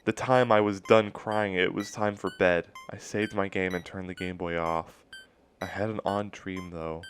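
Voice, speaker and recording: A man's voice: low-pitched, steady tone, moderate pace, a little hiss or hum. A young man reading a creepypasta aloud, reading out the punctuation and breaking in with sarcastic asides. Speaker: story reader. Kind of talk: casual creepypasta reading with commentary.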